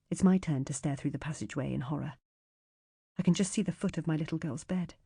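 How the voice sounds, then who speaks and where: Woman for thriller audiobook narration, low warm voice, dry close mic, measured and tense. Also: creaky, slightly rough, no room sound.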